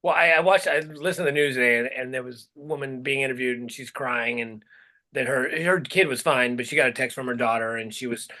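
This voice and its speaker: A man's voice: medium pitch, brisk, pushed and bright. A man co-hosting a podcast, ranting in a heated, profane, rambling way. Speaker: podcast co-host. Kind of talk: casual chat, ranting.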